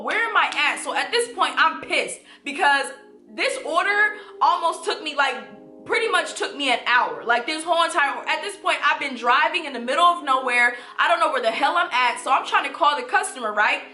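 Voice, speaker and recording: A woman in her twenties telling a storytime vlog, animated and casual, swearing and talking straight to viewers. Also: high-pitched, moderate pace, reverberant, soft background music. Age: 20s. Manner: animated, swearing, addresses viewers as y'all and you guys. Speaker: vlogger.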